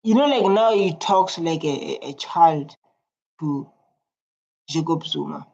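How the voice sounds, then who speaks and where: A man with a South African accent giving casual, chatty reaction commentary, repeating himself and filling pauses with "like". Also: fairly high pitch, expressive, gravelly, darkish tone. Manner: chatty, repetitive, filler-heavy. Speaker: YouTube reactor. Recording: lo-fi muffled home recording.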